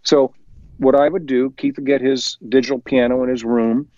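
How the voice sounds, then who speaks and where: A man's voice: mid-range voice, no room sound. Guy telling a story from his home studio, does little voices for people he quotes, kinda muffled dry sound. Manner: lively, acts out quoted voices, chuckles while telling; talks faster when excited. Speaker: musician guest. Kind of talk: anecdotal storytelling in an interview.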